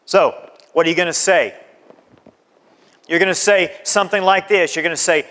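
A man with a high voice preaches a sermon, urging his listeners again and again and acting out little conversations as he goes. His voice rings out with a long reverb, as if in a large church hall. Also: normal speed, pauses often, a bit bright. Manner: exhorting, repetitive, acts out conversations. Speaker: pastor.

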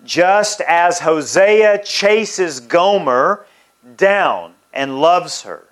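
A man preaching a sermon, reading scripture aloud in emphatic, drawn-out phrases to a congregation. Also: on the high side, animated, a bit bright.

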